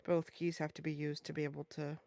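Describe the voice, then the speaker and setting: Smooth, low-voiced woman player. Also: flat delivery, fairly quick, darkish tone, no echo, clean studio sound. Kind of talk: tabletop game play, casual.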